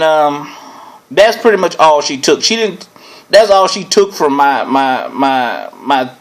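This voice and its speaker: Chuckling man telling a story. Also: on the high side. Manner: animated, chuckles often, keeps asking "right?". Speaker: host. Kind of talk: casual personal storytelling.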